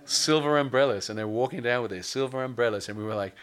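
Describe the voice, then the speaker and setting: A man's voice: mid-range voice, fast, few pauses, a bit bright. A male pastor preaching a sermon, mixing scripture with casual asides and humor.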